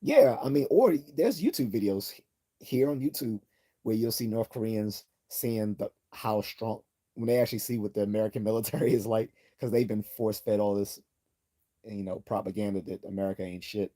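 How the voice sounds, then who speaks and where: A man hosting a casual livestream, reading chat messages and telling stories in an animated way with frequent laughs. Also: lowish voice, normal speed. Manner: animated storytelling, acts out quotes, laughs often.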